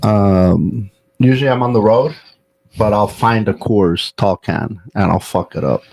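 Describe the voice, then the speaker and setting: A man's voice: fairly low pitch, a little slow, vocal fry, a little mellow, poor audio. A man hosting a podcast, telling stories in a loose, profane, casual way with plenty of fillers. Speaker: podcast host.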